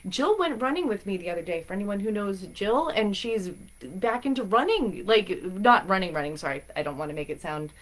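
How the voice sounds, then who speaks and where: Woman, bubbly, rambling, casual spiritual guidance, live-stream host, mid pitch. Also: lively intonation, fairly quick. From Massachusetts. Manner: chatty and bubbly, rambling with fillers.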